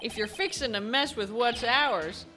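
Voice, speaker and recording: A woman voicing a swaggering male detective who talks like a Wild West sheriff, with a slow drawl. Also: fairly high pitch, over music, close to an everyday voice.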